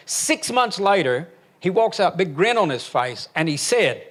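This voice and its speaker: An older pastor delivers a sermon, his voice sitting a little high for a man. He preaches emphatically and drops folksy, joking asides between his points. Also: sing-song, unhurried, a bit bright. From Alabama, USA.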